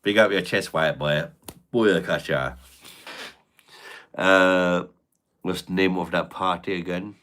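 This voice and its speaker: Low-voiced man joking crudely. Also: steady tone, takes it slowly, pauses often, fairly bright tone. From Britain. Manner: crude, joking banter full of slang and swearing. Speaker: live streamer reading chat. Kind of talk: casual live-stream chat.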